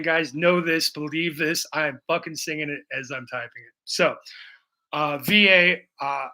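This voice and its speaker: Bright-voiced man rambling while he paints. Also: fairly high pitch. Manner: rambling, profane, jokey. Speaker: painting livestream host. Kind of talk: casual chat while painting. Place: bedroom at home.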